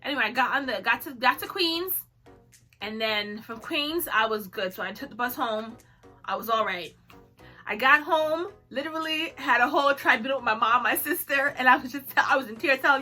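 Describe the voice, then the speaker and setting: Young woman vlogger, high and bright, dramatic storyteller who laughs a lot. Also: brisk, soft background music. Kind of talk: storytime chat.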